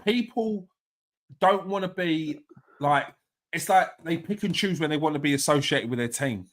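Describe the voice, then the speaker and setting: A man's voice: fairly high pitch, moderate pace. A man, heatedly ranting in casual football chat on a podcast. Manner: heated, ranting, mocking fan posts.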